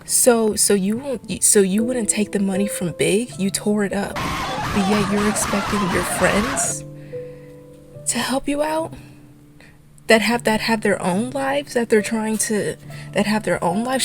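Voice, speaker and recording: A young adult woman giving a fast, exasperated ranting commentary for a video essay. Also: medium pitch, faint music behind.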